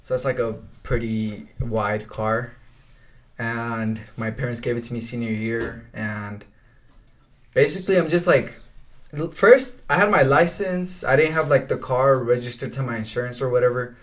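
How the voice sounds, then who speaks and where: A young man casually telling stories on a podcast, in a middle-pitched voice. His delivery is laid-back and full of swearing and "bro," and he laughs through his own stories. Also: moderate pace. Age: young adult. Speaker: podcast co-host. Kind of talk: casual storytelling chat.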